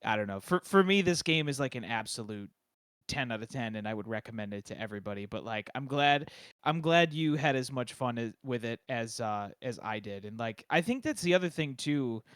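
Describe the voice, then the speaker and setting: A man's voice: medium pitch, animated, a little fast, a bit bright, clean tone, dry recording. A man with a mid-range voice co-hosts a casual podcast chat. He is enthusiastic and leans on filler words, and the sound is dry and close. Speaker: podcast co-host.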